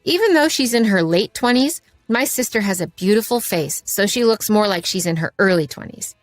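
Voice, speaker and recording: A woman reading a scripted first-person story in a steady, measured way. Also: medium pitch, no echo, faint music behind. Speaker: narrator.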